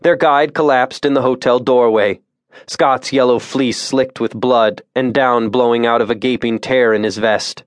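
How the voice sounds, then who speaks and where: A man reading a suspense thriller audiobook in a measured, tense narration voice on a close studio mic. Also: medium pitch, fairly even intonation, dry recording. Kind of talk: scripted narration.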